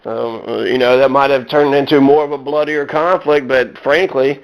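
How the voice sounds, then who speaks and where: A man's voice: mid-range voice, fairly even intonation, moderate pace, low-quality recording. A man delivering a personal rant to his viewers, blunt and profane, stumbling over fillers and restarts as he works himself up. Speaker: vlogger.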